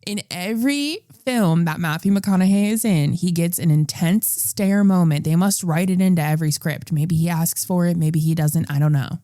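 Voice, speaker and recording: A woman's voice: on the low side, normal speed, hardly any pauses, warm tone, no echo, studio quality. A woman co-hosting a podcast in casual chat, blunt and teasing, and she laughs often. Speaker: podcast co-host.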